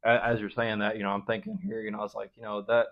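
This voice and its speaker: Earnest man with a fairly low voice. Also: level tone, highs cut off. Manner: earnest, halting, lots of "you know" and "like". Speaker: podcast co-host. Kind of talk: casual faith podcast chat.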